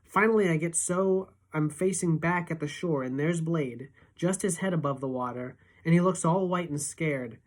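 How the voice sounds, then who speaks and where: A teacher reading a novel aloud in steady, expressive first-person narration. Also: female voice, deep voice, normal speed, few pauses.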